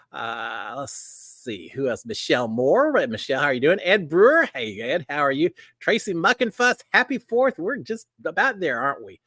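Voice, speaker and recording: A man's voice: a little high, no room sound. A middle-aged man from Texas with a Texas drawl, hosting a live stream and chatting casually with viewers in a folksy way with lots of fillers. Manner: folksy, animated, warm greetings with many fillers. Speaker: live show host.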